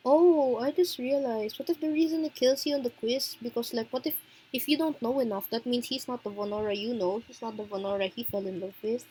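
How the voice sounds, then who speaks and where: Excitable, high-voiced young woman gamer. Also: a little fast, breathy edge. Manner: emotional, excitable, laughs often. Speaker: game streamer. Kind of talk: let's play commentary.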